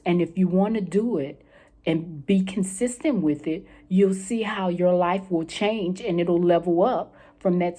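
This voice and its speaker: A woman's voice: mid-range voice, warm tone. A woman coaching listeners through a self-help lesson, encouraging and repetitive, often checking in with "okay?". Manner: encouraging, repeats key points, checks in with "okay". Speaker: mental health coach.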